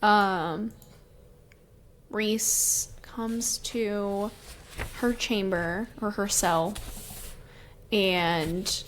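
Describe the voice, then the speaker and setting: A woman's voice: mid-range voice, fairly even intonation, very slow, pauses often, slight background noise. A young adult woman co-hosting a podcast, recapping a novel in casual chat and loosely filling gaps with "um" and "like". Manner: recaps the plot loosely, with many fillers like "um" and "like". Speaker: podcast co-host. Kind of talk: casual book-discussion chat.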